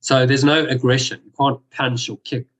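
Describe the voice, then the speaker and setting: A man's voice: medium pitch, little pitch movement, normal speed, fairly bright tone, rough recording. A man leading a group discussion, telling stories in a casual teaching way with many restarts. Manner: storytelling with frequent restarts and acted-out quotes. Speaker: discussion and meditation group leader.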